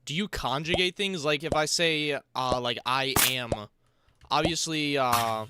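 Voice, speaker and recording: A man's voice: on the high side, moderate pace, over loud music. A young man streaming a game, chatting casually with viewers in a rambling, joking, slang-heavy way. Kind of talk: casual livestream chat while gaming. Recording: loud background noise.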